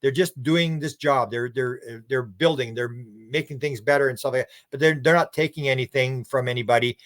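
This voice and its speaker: A man's voice: mid-range voice, fairly quick, no room sound, studio quality. Rambling man telling stories. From Canada. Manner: rambling, repeats and restarts words, acts out quotes. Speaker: podcast guest, researcher. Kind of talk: casual conversational storytelling.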